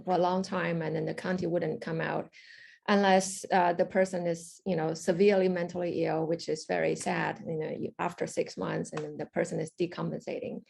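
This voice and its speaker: A woman interviewer asking gentle, measured questions and giving soft sounds of agreement. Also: fairly low pitch, flat delivery, creaky, breathy edge. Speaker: interviewer, researcher.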